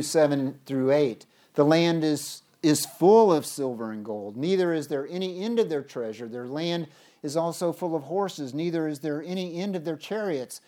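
A preacher giving a sermon, reading scripture aloud emphatically with big swings in pitch and loudness, often restarting words. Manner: stumbles and restarts words mid-phrase.

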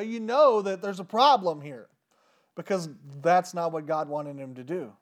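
Guy preaching a sermon, kinda high voice, super casual and slangy, voice jumping up and down a lot. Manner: casual, slangy retelling of scripture with animated swings in pitch and loudness.

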